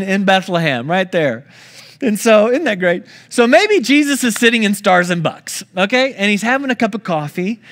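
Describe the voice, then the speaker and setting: Man, pastor, sermon, high pitch, conversational, storytelling. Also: a bit bright. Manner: conversational preaching, storytelling with asides.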